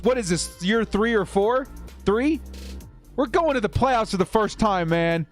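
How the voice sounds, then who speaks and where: A high-voiced man in his thirties runs a live fan watch stream, calling the plays and reading donation messages aloud. He's exuberant and expressive, bursting into shouts at normal speed while faint music plays in the background.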